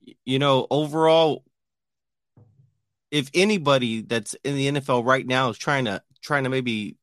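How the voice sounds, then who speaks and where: A man's voice: medium pitch, fairly bright tone, no room sound, studio quality. A man interviewing a former football player, asking long questions with many restarts. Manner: hesitant, many restarts and fillers. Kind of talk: casual sports interview.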